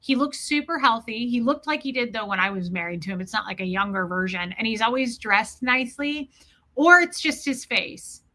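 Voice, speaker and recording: A woman's voice: fairly high pitch, animated, normal speed, bright, forceful tone. A woman hosting a live stream, telling a personal story in an earnest, casual way and greeting viewers by name.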